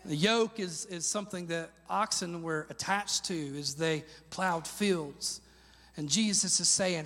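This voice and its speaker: A man preaching a sermon as pastor, animated, rising to shouts on key lines and asking the congregation to repeat words after him. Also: fairly high pitch, measured pace, long reverb tail.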